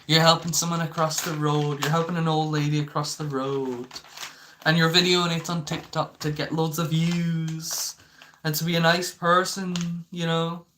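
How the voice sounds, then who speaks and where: A gushing admirer heaping sugary praise in a high, lilting, mocking sing-song, as a young man puts it on. The bright voice sits well above his normal talk. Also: little pitch movement, normal speed, slight background noise.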